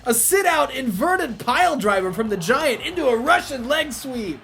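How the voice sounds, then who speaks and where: A man hosting a wrestling video game playthrough, chatting casually, laughing and swearing, then shouting play-by-play at the big moves. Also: very high voice, big pitch swings, moderate pace, creaky, a little hiss or hum. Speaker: let's play host.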